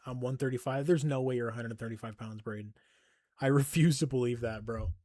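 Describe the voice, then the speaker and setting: A man's voice: mid-range voice, steady tone, brisk, a little mellow, no echo, clean studio sound. A young man live-streaming a game and chatting casually, swearing constantly, joking and laughing often, and sounding tired. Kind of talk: casual stream chat while gaming.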